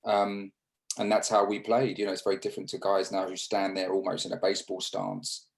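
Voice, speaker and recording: An English man in his fifties, a former cricketer, telling stories in a casual interview over a video call, halting with restarts and fillers. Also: low-pitched, completely flat delivery, vocal fry, rough recording. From England.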